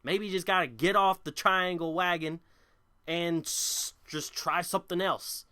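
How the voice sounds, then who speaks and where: Man, young adult, podcast host, opinionated sports rant, rambling restarts, bright tense tone. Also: high voice, unhurried, clear, resonant tone. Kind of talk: solo basketball rant.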